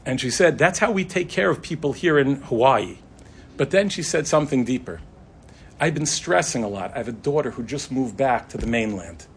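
A man's voice: mid-range voice, slight background noise. A man, a rabbi, giving a sermon full of stories, acting out the quoted voices. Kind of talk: sermon with storytelling.

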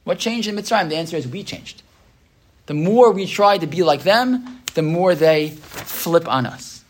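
A man teaching a class, reading texts aloud slowly and explaining them, often checking in with "right?". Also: a little high, expressive, slight background noise. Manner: reads Hebrew texts slowly then explains. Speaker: Torah teacher. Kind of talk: text-based class lecture.

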